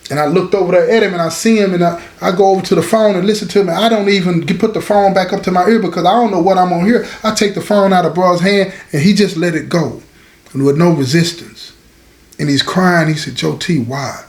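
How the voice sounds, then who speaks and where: A man's voice: high-pitched, steady tone, fast talker, roomy sound. A man telling listeners a prison story, talking to them directly and repeating phrases for effect. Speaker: storyteller host.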